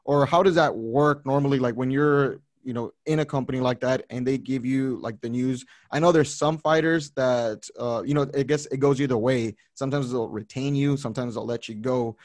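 A man's voice: medium pitch, moderate pace, few pauses, darkish tone, no echo, studio quality. A man interviewing a fighter, asking long, hedging questions.

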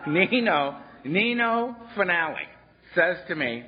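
Blunt male workshop speaker, animated salty storytelling, higher voice, dull lo-fi workshop tape. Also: moderate pace. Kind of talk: storytelling talk. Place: workshop room.

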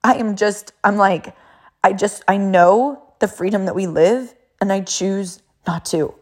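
A woman's voice: medium pitch, a little slow. A middle-aged woman, a mother, telling a personal story in an emphatic, repetitive way.

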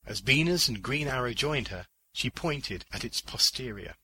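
A man narrating a short story in a measured, deliberate audiobook reading on a close mic. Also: mid-range voice, lively intonation, sharp tone, breathy edge, low-quality recording. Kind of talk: scripted audiobook narration of fiction.

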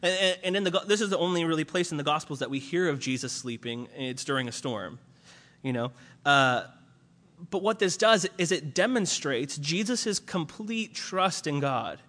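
A man preaching a conversational sermon, casual and animated with many fillers. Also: a little high, normal speed, long reverb tail.

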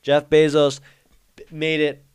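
Slow-talking young man ranting casually. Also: a little high, monotone, clean tone. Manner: rambling, joking, ranting. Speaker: podcast host. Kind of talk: casual solo monologue.

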